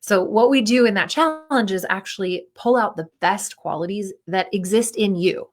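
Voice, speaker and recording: A woman's voice: medium pitch, normal speed. A woman confidence coach talking casually to athletes, acting out their inner voices and leading a short breathing exercise. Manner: chatty, acts out inner voices, guides breathing.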